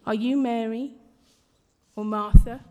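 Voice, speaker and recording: A woman reading a rhyming Bible story in a slow, measured, expressive way. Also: on the high side. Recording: long hall reverb.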